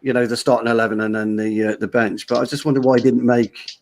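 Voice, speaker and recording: A man's voice: mid-range voice, flat delivery, fast. Hesitant man in casual chat. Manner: hesitant, mild.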